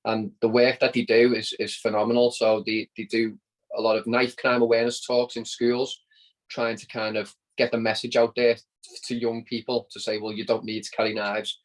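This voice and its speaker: A man's voice: medium pitch, little pitch movement, normal speed, poor audio. A man from Liverpool with a Scouse accent, a podcast guest telling a story in casual chat, often repeating words as he goes. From Liverpool, England.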